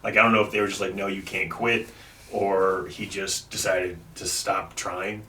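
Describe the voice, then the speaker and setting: A man's voice: low voice, little pitch movement, normal speed, bright, forceful tone. A man hosting a comedy podcast, casually telling a history story with lots of fillers. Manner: rambling, loose, with lots of likes and ums. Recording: echoey room, distant mic, faint noise.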